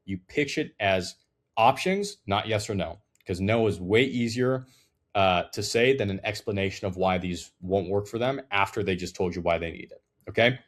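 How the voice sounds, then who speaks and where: A man's voice: lowish voice, moderate pace. A man teaching a sales call process, emphatic and direct, checking in with "okay?" and acting out sample lines for a client. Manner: acts out sample client dialogue in quotes. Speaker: sales trainer. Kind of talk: instructional talk to camera.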